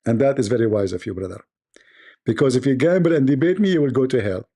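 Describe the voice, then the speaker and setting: Gravelly joking man telling stories. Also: mid-range voice, animated, quick pace, warm tone. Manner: laughs at own stories, acts out dialogue. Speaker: live stream host. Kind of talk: joking live-stream monologue.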